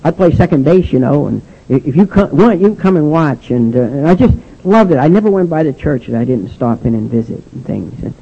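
An older man giving a personal testimony speech about his recovery, halting and restarting often with "and, uh". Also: mid-range voice, creaky. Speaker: speaker sharing his recovery story. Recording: dull lo-fi recording.

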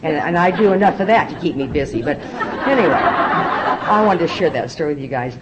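A woman's voice: low voice, animated, brisk, lo-fi sound, over a noisy crowd, very noisy. An older woman sharing her story at a recovery meeting, confiding and acting out the dialogue of the people in it. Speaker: AA speaker.

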